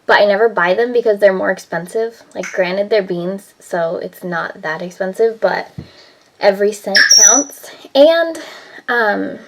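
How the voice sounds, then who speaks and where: A woman's voice: medium pitch, expressive, measured pace, background noise. A woman vlogger chatting casually in her home kitchen, rambling with lots of "like" and "um". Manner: chatty, rambling, heavy use of "like" and "um". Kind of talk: casual vlog chat.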